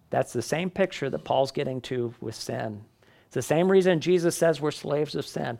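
Male Bible teacher, class lecture, conversational, asks the class questions, higher-pitched voice. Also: moderate pace, creaky, a little mellow.

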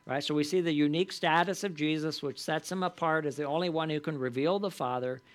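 A man with a somewhat higher voice teaches a Bible class in a relaxed, conversational manner. He often checks in with the group through short tag questions. He leans into the scripture passages he reads aloud. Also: fast.

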